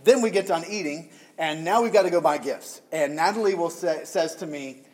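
A middle-aged man from the American South delivers a sermon in a loose, conversational way, teasing his congregation as he goes. His voice sits slightly higher than most men's. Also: moderate pace. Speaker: pastor.

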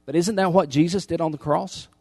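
A man preaching a sermon as pastor, emphatic, repeating key lines and swinging from loud appeals to hushed intensity. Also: fairly high pitch, fairly even intonation, fairly quick, no echo.

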